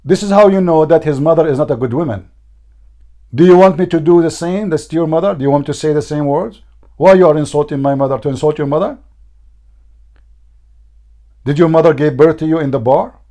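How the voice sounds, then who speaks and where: A man with a high-pitched, hoarse voice hosts a heated online debate. He hammers the same question over and over and mocks the other side without letting up. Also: brisk, pauses often, mellow. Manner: insistent, mocking, repeats questions. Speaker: debate host.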